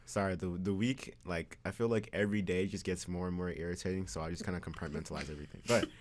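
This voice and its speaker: A man's voice: deep voice, fairly even intonation, fast talker. A teenage boy interviewing fellow students in a laid-back, teasing casual chat.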